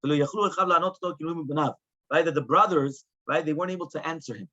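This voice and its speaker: In a Talmud lecture, a rabbi speaks fast in a somewhat high, husky voice with a sharp tone, switching between Hebrew and English. He drives the lesson forward with rhetorical questions, and the audio sounds dull and muffled.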